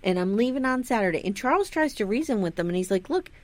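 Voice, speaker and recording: Animated, laughing woman podcaster. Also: mid-range voice, fast talker, dry recording. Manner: animated, laughing, acts out quotes; swears casually. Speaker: podcast co-host. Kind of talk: casual chat, recapping an episode.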